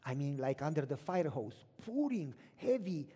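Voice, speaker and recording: A male pastor telling a story in a sermon, animated, acting out dialogue and repeating words for emphasis. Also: a little high, normal speed, husky, in a large hall.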